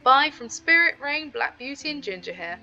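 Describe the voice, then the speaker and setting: A woman's voice: high-pitched, lively intonation, moderate pace, bright, forceful tone, muffled recording, faint music behind. A woman hosting a gaming channel, chatting casually to her viewers as she plays. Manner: chatty, talks straight to viewers. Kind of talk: casual gameplay commentary.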